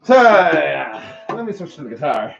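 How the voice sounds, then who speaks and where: Slow, lively woman rambling casually. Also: sits low, vocal fry. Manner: rambling, self-deprecating, repeats herself. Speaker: co-host and guitarist. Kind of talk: casual chat between songs. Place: apartment. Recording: dull lo-fi home recording with guitar.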